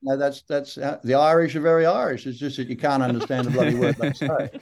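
An older Australian man with a broad accent, a guest actor telling unhurried, rambling stories in an interview. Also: medium pitch, fairly even intonation, darkish tone. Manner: unhurried, rambling storyteller with many fillers. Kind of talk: relaxed interview anecdotes.

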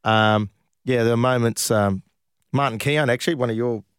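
A man's voice: medium pitch, moderate pace, smooth, dry recording, clean studio sound. A man, a former footballer telling stories casually in an interview, often laughing as he goes. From Australia. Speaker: former professional footballer, guest.

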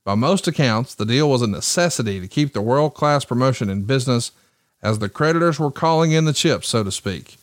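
A man co-hosting a podcast, walking through business history in a measured, explanatory way. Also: medium pitch, expressive, no echo, clean studio sound. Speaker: podcast co-host. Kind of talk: podcast storytelling, reading notes.

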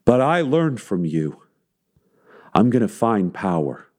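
A man voicing a vengeful young woman who slowly declaims cold threats at her father. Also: on the low side, very animated, a little mellow, heavily acted.

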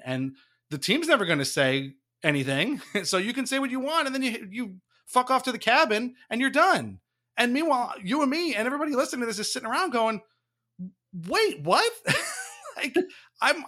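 A man hosting a casual sports podcast, ranting with frequent laughs. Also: sits high. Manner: animated, ranting, laughs often. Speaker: podcast host.

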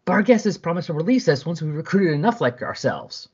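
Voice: mid-range voice, sing-song, brisk, darkish tone, husky, pitched above the performer's own voice. A podcaster voicing a frightened male phantom who pleads and apologizes, through a dull lo-fi recording. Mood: pleading.

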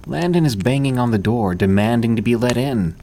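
A man's voice: medium pitch, lively intonation, a little fast, dark tone, a little hiss or hum, voice pushed up, natural voice. A man voicing a frustrated, irritated teenage girl.

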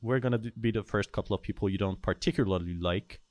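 A man from Iran with a Persian accent, co-hosting a podcast and making short deadpan jokes at an unhurried pace. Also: fairly low pitch, no room sound. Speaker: podcast co-host. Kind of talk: casual podcast chat.

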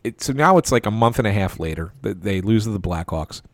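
The recording is dry, and this podcast host's voice is on the low side, fairly quick and lively. He's a man relating a long sports-show anecdote in a loose, conversational style, often restarting and quoting what people said.

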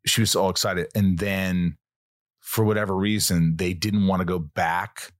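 A podcast host from Southern Indiana, chatting loosely with a guest, joking and swearing. His voice sits a little low. The recording is dry and close-miked. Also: steady tone, unhurried, no echo. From Southern Indiana, USA. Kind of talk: casual podcast chat.

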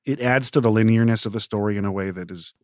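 A man's voice: on the low side, fast, dry recording, studio quality. Playful rambling man in casual chat. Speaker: player.

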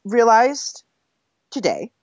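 A woman's voice: a little high, wildly swooping pitch, slow pace, dry recording. A woman co-hosting a podcast in casual chat, chatty and a bit scattered, reading listener mail aloud. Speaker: podcast co-host. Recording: slightly dull, dry podcast audio.

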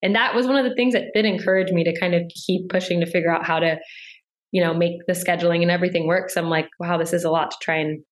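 Chatty young woman, lowish voice. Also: steady tone, fast. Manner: chatty, many filler "like"s. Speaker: podcast guest. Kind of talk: casual interview chat.

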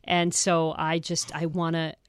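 A woman guest in a casual chat, expressive and laughing easily, her voice swinging up when she gets animated. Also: sits low, a little slow, clean tone.

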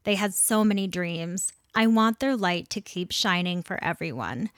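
A woman's voice: lowish voice, expressive, normal speed, hardly any pauses, no room sound, clean studio sound. A woman hosting a podcast, reading news commentary with an earnest, indignant delivery. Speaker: podcast host.

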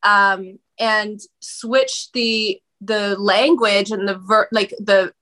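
A woman guest on a podcast speaking candidly about her own experiences in an expressive, animated conversational way. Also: mid-range voice. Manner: animated, expressive, quick bursts of speech.

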